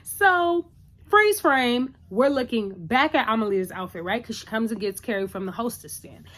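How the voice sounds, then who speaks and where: A woman's voice: a little high, lively intonation, moderate pace, fairly bright tone. A woman recapping a TV episode in a casual, chatty, opinionated way, full of "like" and "you know".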